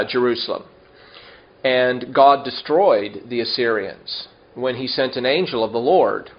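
A man teaching a Bible study in a relaxed, conversational way, slowing down to explain Hebrew words and asking the listeners questions. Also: mid-range voice, dull audio.

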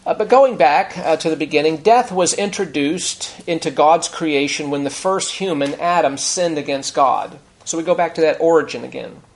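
Delivering an expository sermon, this pastor teaches conversationally in a fairly high, gravelly voice. He often starts phrases over and slows to emphasize important words.

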